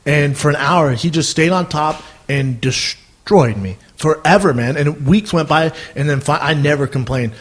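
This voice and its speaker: A man, a former fighter, telling stories in casual, animated conversation, often tacking on "man" and swearing freely. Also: fairly high pitch, normal speed, few pauses. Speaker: podcast guest, former fighter.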